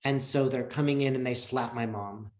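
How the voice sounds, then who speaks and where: Male guest, mid-pitched, earnest and reflective, roomy echo on the call. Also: moderate pace. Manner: earnest, emotional, reflective, many fillers. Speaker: interview guest. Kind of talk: casual storytelling in an interview.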